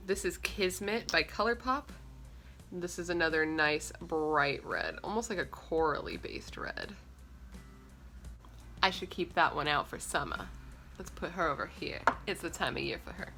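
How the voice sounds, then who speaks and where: A woman's voice: lowish voice, bright, forceful tone, a little hiss or hum. A young woman vlogger chatting playfully to camera at home, swatching lipsticks with jokey asides. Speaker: beauty vlogger. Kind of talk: casual chat to camera.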